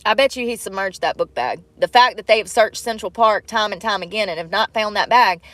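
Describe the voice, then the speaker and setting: A woman's voice: medium pitch, fairly quick, hardly any pauses, fairly bright tone, dry recording. A woman hosting a casual livestream, talking bluntly to her chat, swearing freely and laughing often. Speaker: livestream host. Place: in a vehicle.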